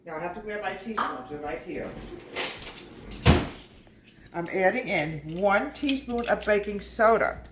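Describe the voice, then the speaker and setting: A woman's voice: mid-range voice, animated, unhurried, pauses often. Chatty homespun woman in an echoey kitchen. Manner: chatty and homespun, often calls the viewers "folks" and wanders off topic. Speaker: home baking video host. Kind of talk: casual cooking demonstration. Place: home kitchen. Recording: echoey kitchen with background noise.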